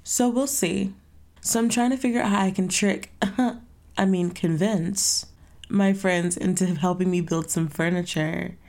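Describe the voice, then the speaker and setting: A young woman talks straight to her listeners in a loose, rambling podcast chat, with a voice that sits a little low for a woman. She keeps things playful and drops sassy asides, as if she is confiding in friends. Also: steady tone, measured pace, darkish tone. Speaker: podcast host. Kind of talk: casual solo chat.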